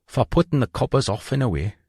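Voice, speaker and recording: Rueful Geordie confessor, read by a man: halting, raised pitch, a dry audiobook sound. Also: lively intonation, vocal fry, a little mellow, husky, no echo. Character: remorseful middle-aged man confessing to police. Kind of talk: audiobook reading.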